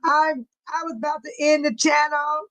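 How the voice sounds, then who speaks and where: High-voiced chatty older woman host. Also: steady tone, moderate pace, a bit bright, no room sound, poor audio. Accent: Chicago-area American English. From United States. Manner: chatty, laughs often, reads viewer comments aloud. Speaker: livestream host. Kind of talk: casual livestream chat.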